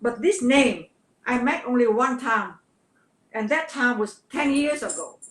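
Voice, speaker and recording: An older woman from Vietnam with a Vietnamese accent, a guest telling her life story in an interview, earnest and halting, often repeating words. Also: a little high, animated, a bit bright. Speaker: guest, actress. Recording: roomy echo.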